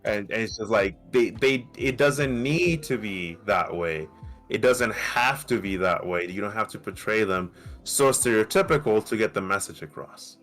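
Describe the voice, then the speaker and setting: A man co-hosting a casual podcast debate, talking in an animated, emphatic way and swearing freely. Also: fairly low pitch, moderate pace, soft background music. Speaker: podcast co-host.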